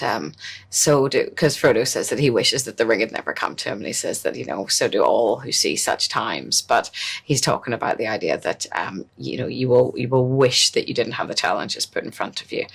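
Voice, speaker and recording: A man's voice: mid-range voice, gravelly, fairly bright tone, husky. A man answering in an interview in an earnest, reflective manner. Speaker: interview guest. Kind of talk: casual interview talk.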